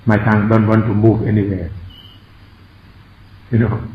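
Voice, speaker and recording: A Thai-accented man teaches meditation in a slow, unhurried way. He spells out words, repeats himself, and jokes at his own expense. His voice sits in a middle pitch and the sound is dull and lo-fi, bouncing around an echoey hall. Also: flat delivery, a little hiss or hum. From Thailand. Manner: slow, repetitive, explains words and spells them out; self-mocking humor, chuckles often. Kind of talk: meditation class instruction.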